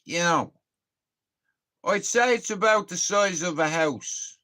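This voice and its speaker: Irish man, young, casual live-stream chat, slow unhurried delivery, fairly high voice, sweary and rambling. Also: sharp tone. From Ireland. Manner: sweary, rambling storytelling, laughs at own tales. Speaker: livestreamer.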